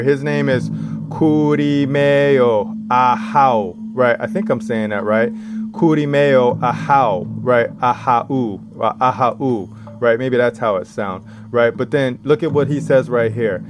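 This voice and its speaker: A man giving a casual religious talk as an online preacher, tagging his points with "right?" and "check this out", reading scripture slowly and acting out quoted voices higher. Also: background noise. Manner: reads scripture slowly and deliberately.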